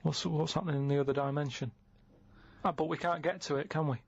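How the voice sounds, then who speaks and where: A man who is a regular on a radio comedy show, asking blunt, puzzled questions in a deadpan way. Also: a little high, fast, vocal fry, husky, no echo. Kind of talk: casual chat. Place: radio studio. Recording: dry, dull lo-fi radio recording.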